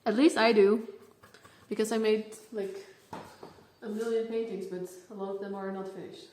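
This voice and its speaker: Chatty young Dutch woman, mellow voice. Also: mid-range voice, little pitch movement, normal speed, slight background noise. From Netherlands. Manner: chatty, filler-heavy, laughs often. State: out of breath. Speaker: portrait painter. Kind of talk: casual studio vlog.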